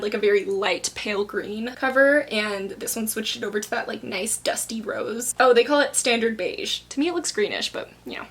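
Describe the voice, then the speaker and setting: A young woman chats through an unboxing vlog, rambling happily and breaking into sudden bursts of excitement. Her voice sits fairly high, and she fills her talk with casual fillers. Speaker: booktuber unboxing book subscription boxes.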